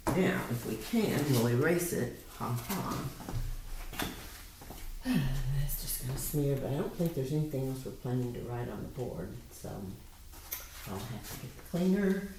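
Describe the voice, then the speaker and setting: Low-voiced woman tutor in an echoey room. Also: expressive, a little slow, recorded from a distance, background noise. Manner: patient, explains step by step. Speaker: reading and spelling tutor. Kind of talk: one-on-one phonics lesson. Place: room with a whiteboard. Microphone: laptop camera on a table.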